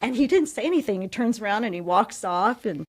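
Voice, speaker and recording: A woman's voice: medium pitch, lively intonation, a little fast. A woman in her sixties with an American accent, a guest in an interview, telling family stories with frequent laughter and acted-out quotes. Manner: warm storytelling, laughs often, acts out quotes. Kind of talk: conversational interview.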